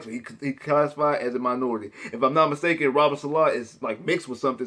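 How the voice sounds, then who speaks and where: Young man, slightly high voice, emphatic and repetitive sports vlog rant. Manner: emphatic, repetitive, Southern-tinged slang. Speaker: sports vlogger.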